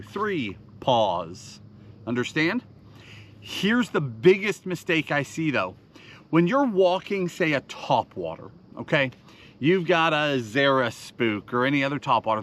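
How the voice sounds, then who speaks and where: A man leads a fishing seminar in an animated, swooping voice, counting out rhythms and punching in sound words. His delivery is emphatic and instructional. A faint hiss of background noise sits under the recording. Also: mid-range voice.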